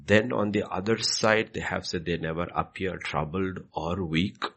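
Husky, gravelly man teaching. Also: sits low, normal speed, fairly bright tone. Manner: repetitive, emphatic, acts out quoted questions. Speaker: pastor answering questions.

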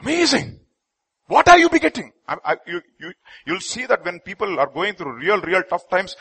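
A man preaching a sermon as pastor, dramatic, swinging from quiet asides to loud pleading and slowing to stress key lines. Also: high voice, very animated, vocal fry, breathy edge.

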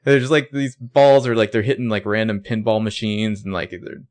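A man's voice: on the low side, flat delivery, moderate pace. A man co-hosting a podcast, recapping a TV episode in laid-back chat, swearing freely and saying "like" a lot. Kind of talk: casual chat.

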